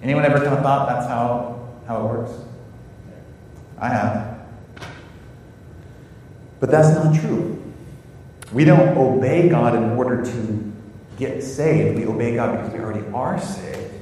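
American pastor preaching in an echoey hall. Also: male voice, medium pitch, unhurried, pauses often, warm tone, recorded from a distance, slight background noise. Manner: earnest, repeats words while searching for phrasing. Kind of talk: sermon.

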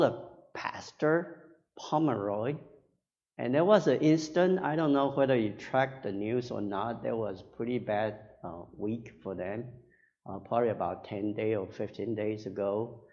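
Slow, earnest male preacher in a reverberant hall. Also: on the low side, a little mellow. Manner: halting, earnest, tags phrases with "right?". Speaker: pastor. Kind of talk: sermon. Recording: dull sound with long hall reverb.

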